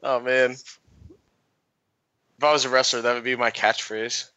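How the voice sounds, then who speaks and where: A man's voice: mid-range voice, little pitch movement, measured pace, pushed and bright, no echo, lo-fi sound. A man co-hosting a casual comedy podcast, laughing often and swearing crudely. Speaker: podcast co-host.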